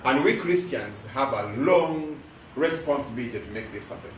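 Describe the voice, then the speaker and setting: A man's voice: medium pitch, expressive, normal speed, slight background noise. A middle-aged man with a Ugandan English accent gives an emphatic address and has the audience finish his lines. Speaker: guest speaker, lecturer. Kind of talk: preaching address with call-and-response. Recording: echoey hall, voice from far off.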